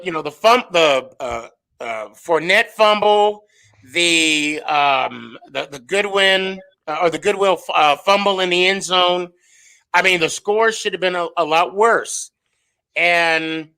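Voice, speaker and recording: Rambling bright-voiced man chatting sports. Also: high-pitched, clear, resonant tone. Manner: rambling, many fillers and restarts. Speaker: podcast co-host. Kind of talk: casual sports chat.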